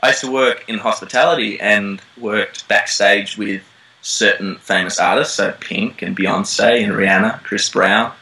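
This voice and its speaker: An Australian man, a young actor, chatting casually in an interview, relaxed and rambling with lots of ums. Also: on the low side, a little slow, poor audio. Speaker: actor guest. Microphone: call line.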